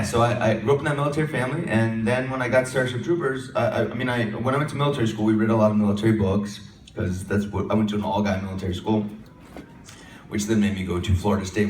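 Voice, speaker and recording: A man telling joking, self-deprecating stories as a guest on a convention panel, speaking into a handheld mic. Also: on the low side. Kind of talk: casual anecdote telling. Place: large convention hall. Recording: echoey hall, distant mic, faint noise.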